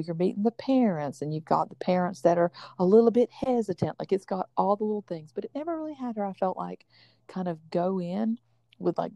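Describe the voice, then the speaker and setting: A woman co-hosting a casual book podcast, chatty and quick to laugh. Her voice is lowish and gravelly with a mellow, dark tone. The recording is dry and close. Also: no room sound. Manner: chatty, laughs often, many fillers. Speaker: podcast co-host.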